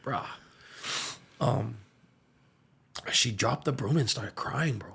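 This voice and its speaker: A young man with a light lilt telling his story earnestly on a podcast, his voice dropping to a hush when it gets emotional. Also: medium pitch, slow, creaky, husky. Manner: earnest, slips into soft hushed tones when emotional. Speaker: musician and aspiring pastor.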